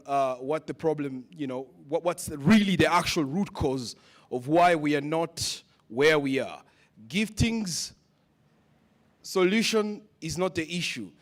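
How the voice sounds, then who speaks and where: Man, high voice, summit speaker, preachy motivational address, fires questions at the crowd. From West Africa. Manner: preachy, repeats questions to the audience. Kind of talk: motivational speech. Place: conference hall.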